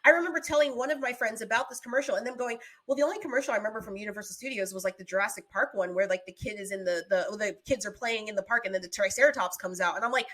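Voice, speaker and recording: A woman's voice: mid-range voice, rapid-fire, few pauses. A young adult woman co-hosting a podcast, telling stories in casual chat with lots of laughter and acted-out screams. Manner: animated storytelling, laughs often, acts out screams. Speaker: podcast co-host.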